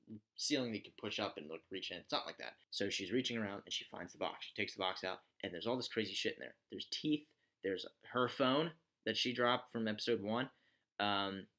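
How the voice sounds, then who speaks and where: A man's voice: fairly low pitch, a bit bright. A man recapping a TV show in a casual, rambling way, with sarcastic asides. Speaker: TV show reviewer.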